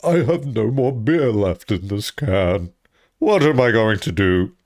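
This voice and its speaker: A stately, pompous gentleman professor from a puzzle game, as a man hams him up. He speaks low and very slowly, stretching out each word with mock dignity. The delivery is grand and unhurried. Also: very animated. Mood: pleading. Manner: slow, drawn-out, mock-gentlemanly. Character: genteel older male professor, slow and pompous.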